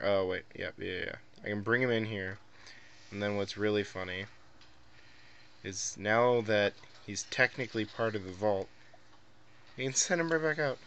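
Monotone young man rambling over gameplay. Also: on the low side, clean tone. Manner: monotone, rambling, many ums. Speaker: gameplay video creator. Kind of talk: casual gameplay commentary.

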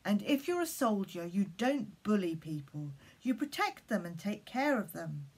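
A woman voicing a fiery prophet man who shouts urgent warnings, reading from a children's storybook. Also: medium pitch, sing-song, moderate pace, husky. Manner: loud, urgent, insistent.

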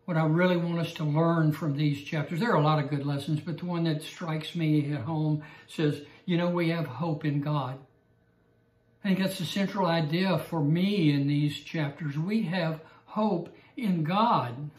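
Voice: mid-range voice, fairly even intonation, moderate pace, a little mellow, roomy sound. A Bible class teacher giving an evening lesson and telling a joke with chuckles and restarts.

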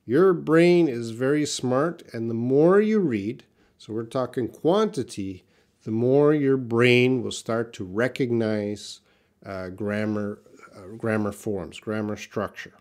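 A middle-aged man from Canada with a light Canadian accent, answering viewers' questions in a live English lesson and thinking aloud with many pauses and restarts. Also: mid-range voice. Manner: relaxed, thinking aloud with frequent uhs and restarts. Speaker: English teacher.

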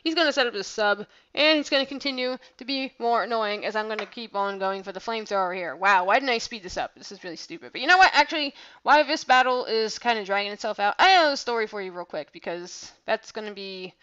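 A woman's voice: medium pitch, fast, few pauses, a bit bright, clear, resonant tone, dull audio. A woman giving casual gameplay commentary over her own battle, rambling and self-deprecating, with lots of "like" fillers.

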